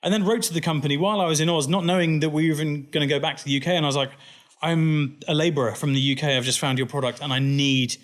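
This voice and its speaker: A man's voice: fairly high pitch, fast. A man, a company founder chatting as an interview guest and acting out the people in his stories with a laugh. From England. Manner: animated, laughing storyteller who acts out quoted people. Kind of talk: casual interview storytelling.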